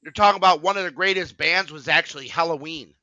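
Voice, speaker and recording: A man's voice: fairly high pitch, quick pace, sharp tone, no echo, highs cut off. A man hosting a casual stream chat, rambling with lots of fillers and restarts. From Wisconsin. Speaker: stream host.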